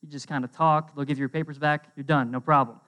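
A young man preaching a casual sermon, conversational and animated, often checking in with his listeners. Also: a little high, fast. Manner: conversational, lots of "um" and "right?"; animated storytelling.

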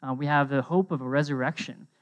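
A man's voice: medium pitch, fast talker, clear, resonant tone. Man giving a casual sermon. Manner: conversational, lots of "um" and "right?"; animated storytelling. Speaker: preacher.

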